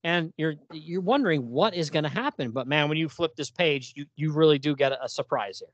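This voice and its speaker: A man co-hosting a laid-back horror comics podcast talks a little fast in an expressive, highish voice, performing the old dialogue in playful voices. The audio sounds dull but has no echo.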